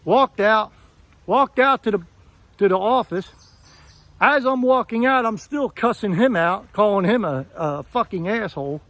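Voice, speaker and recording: A man's voice: sits high, animated, a little slow, pauses often, fairly bright tone, no echo. An older man ranting angrily to his viewers, bluntly and with profanity, acting out the dialogue as he retells it. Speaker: vlogger. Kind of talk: angry rant to camera.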